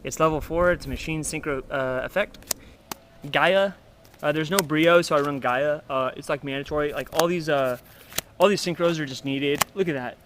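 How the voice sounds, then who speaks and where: A young man talks through his card game deck in a loose, profane ramble and breaks into loud acted-out outbursts as his opponents. His voice sits a little high for a man. A steady hiss of noise runs under the recording. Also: normal speed. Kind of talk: casual profanity-laden deck profile.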